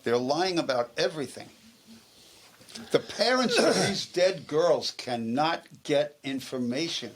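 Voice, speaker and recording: Appearing on a local TV talk show, this guest speaks in a slightly high, expressive voice at an unhurried pace, with slight background noise. He spins stories in relaxed conversation, then grows heated and insistent whenever an argument starts.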